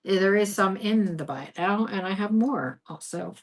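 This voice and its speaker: A woman's voice: mid-range voice, moderate pace. A middle-aged woman hosting a live-stream craft sale, chatty and upbeat, thanking viewers by name. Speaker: host selling craft supplies. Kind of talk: live-stream selling chat.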